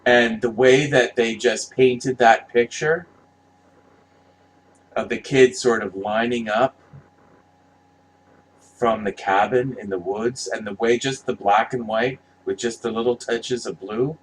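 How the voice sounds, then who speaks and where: A man's voice: medium pitch, steady tone, slow, long pauses, low-quality recording. A man giving casual, rambling commentary, passionate and profane, often restarting his sentences. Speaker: vlogger reviewing movie posters.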